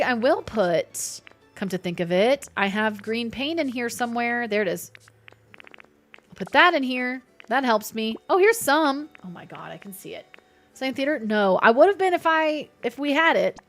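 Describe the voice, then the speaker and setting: A woman's voice: on the high side, fairly bright tone. A young adult woman chatting casually while streaming a game, playful and talkative as she reads chat aloud. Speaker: livestreamer.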